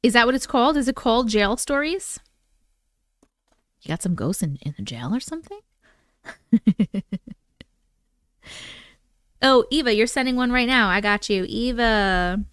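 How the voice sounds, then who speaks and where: A woman's voice: fairly high pitch, lively intonation, measured pace, long pauses, a bit bright, clear, resonant tone, no room sound, clean studio sound. A woman hosting a live stream, casually chatting with viewers, reading their comments aloud and cooing at her cats. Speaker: livestream host.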